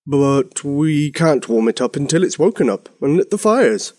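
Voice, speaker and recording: A grumpy storybook king who splutters out royal orders, put on by a male narrator. His voice is pitched up and bounces around a lot. The recording is close and dry. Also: big pitch swings, moderate pace, a little mellow, no echo. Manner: huffy, commanding, spluttering.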